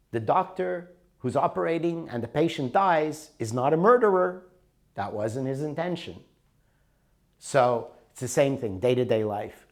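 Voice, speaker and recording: A middle-aged man teaching a workshop in a conversational, storytelling way with rising and falling emphasis. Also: mid-range voice. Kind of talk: recorded workshop talk.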